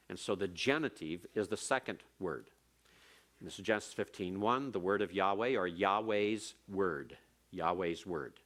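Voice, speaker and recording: A man's voice: on the low side, fairly bright tone. A man teaching Hebrew grammar in a classroom lecture, explaining patiently step by step and repeating key points.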